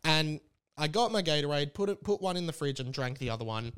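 Smooth-voiced Australian man in his late twenties. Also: fairly high pitch, a little fast. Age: late 20s. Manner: animated, swears freely, rambling asides. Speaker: podcast host. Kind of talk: casual storytelling monologue.

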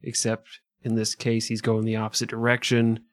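A man's voice: fairly low pitch, monotone, moderate pace, no echo. A man co-hosting a comedic history podcast, riffing, laughing often and acting out silly scenes. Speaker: podcast co-host. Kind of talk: crude comedic history chat.

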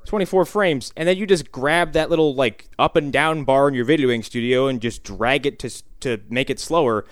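A man's voice: medium pitch, normal speed, hardly any pauses, no echo, studio quality. A man in casual podcast chat, making sarcastic, exaggerated complaints about a movie. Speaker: podcast co-host.

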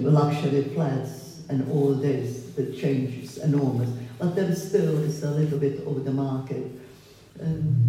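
An older woman with a foreign accent speaks slowly and reflectively as a guest in a public gallery conversation. Her voice is very dark and mellow. It carries from a distance through a strongly echoing hall. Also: low voice. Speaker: photographer, guest. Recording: echoey hall, voice from far off.

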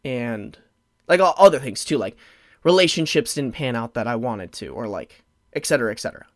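A man's voice: mid-range voice, lively intonation, brisk, no room sound. A man in his twenties hosting a solo podcast, rambling with constant "like" fillers and restarts, openly emotional. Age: 20s. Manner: rambling, heavy use of "like" fillers, frequent restarts; emotional, openly close to tears at times. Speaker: podcast host. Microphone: podcast microphone.

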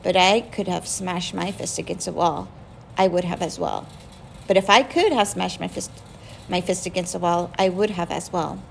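A woman voices a grown father in a storybook, gruff and weary, later quiet and soft. The voice has a gravelly rasp. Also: on the low side, moderate pace, slight background noise. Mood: frustrated. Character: worried grown man, a girl's father.

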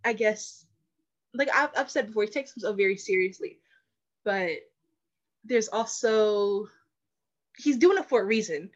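A woman's voice: mid-range voice, measured pace, pauses often. Woman musing on a dull lo-fi mic. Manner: thoughtful, hesitant, restarts often. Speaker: podcast co-host. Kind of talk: casual chat.

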